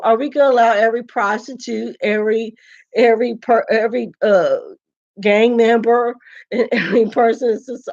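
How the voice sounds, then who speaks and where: A woman's voice: medium pitch, a little mellow. A woman from the United States in a rambling, indignant monologue rant, laughing between phrases and restarting and repeating her words. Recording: dull lo-fi recording.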